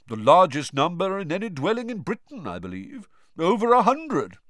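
Brief: prim, gossipy old male ghost, pitched a little higher, read by a man, dry close sound. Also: huge pitch swings, moderate pace, fairly bright tone, no room sound, full character voice. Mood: genteel, chatty. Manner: prim and chatty, full of gossip. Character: fussy, genteel, pompous old male ghost.

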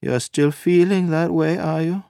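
A man's voice: steady tone, a little slow, no echo, studio quality. A man reading an audiobook, voicing a shaken, restless young wife in a raised, faltering voice. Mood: uneasy. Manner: raised pitch, soft and faltering.

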